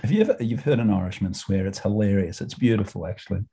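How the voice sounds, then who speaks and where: A man's voice: fairly low pitch, animated, fast talker, creaky, warm tone, slightly rough. An Australian man co-hosting a coaching podcast, telling stories in a chatty way, swearing freely and laughing often. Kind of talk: casual chat.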